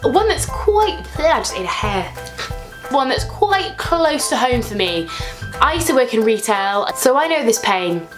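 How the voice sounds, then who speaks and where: A woman's voice: fairly high pitch, very animated, unhurried. A young woman vlogging comedy sketches in a chatty, playful way. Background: background music.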